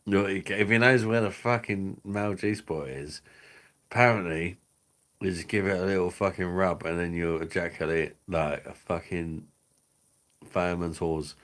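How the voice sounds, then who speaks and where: This is a man with a deep, low voice, hosting a live stream. He reads out viewer comments in loose, crude banter full of swearing and laughter. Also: fairly even intonation, normal speed, a bit bright. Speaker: livestream host.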